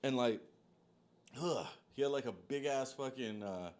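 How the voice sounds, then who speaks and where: A man rambles through a story in a casual, unscripted way, swearing freely and hopping between tangents. His talk is loose and animated, with plenty of "like" and "dude" fillers. His voice sits at an ordinary middle pitch for a man. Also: a little slow. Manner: profane, rambling, heavy use of "like" and "dude".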